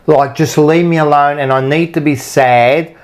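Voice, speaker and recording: A man's voice: on the high side, fairly even intonation, moderate pace. Rambling man, podcast co-host. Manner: rambling, frequent "you know what I mean". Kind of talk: casual chat.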